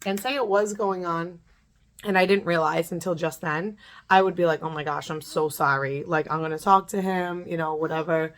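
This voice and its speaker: Animated young woman telling a story. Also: lowish voice, normal speed. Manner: animated, laughing, acts out quoted people. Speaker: vlogger. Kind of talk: storytime while doing makeup.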